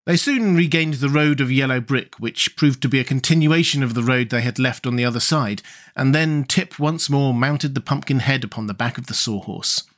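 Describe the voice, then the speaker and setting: A man reading a children's fantasy storybook aloud as an audiobook narrator, measured and expressive. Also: mid-range voice.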